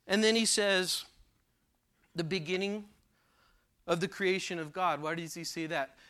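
Preacher guy, slow deliberate delivery, bright clear tone, hammers points by repeating them. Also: high-pitched. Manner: emphatic, repeats phrases for weight. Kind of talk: sermon.

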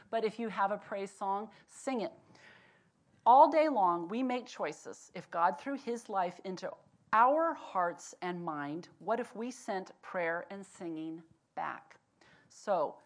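Woman doing a devotional talk, lively when she tells her story, slow and earnest when she preaches. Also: mid-range voice. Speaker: devotional speaker.

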